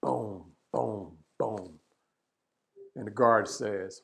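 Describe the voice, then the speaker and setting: A man's voice: mid-range voice, slow pace, vocal fry, fairly bright tone. A man giving a leadership webinar talk, telling a parable and often checking in with "right?". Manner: storytelling, acts out voices, frequent "right?". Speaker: leadership speaker.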